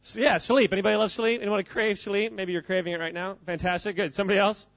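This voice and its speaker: A man's voice: sits high, steady tone, fast, fairly bright tone, no room sound, muffled recording. Playful man talking to a crowd. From United States. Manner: playful, joking, quizzes the crowd. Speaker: speaker at a church gathering. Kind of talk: informal talk to a live audience.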